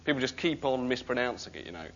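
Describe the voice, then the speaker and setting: A man's voice: medium pitch, expressive, fast talker. A man doing a wry, rambling comic monologue in front of a laughing audience. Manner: rambling, wry confessional delivery. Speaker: sketch comedian. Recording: dull recording with loud noise.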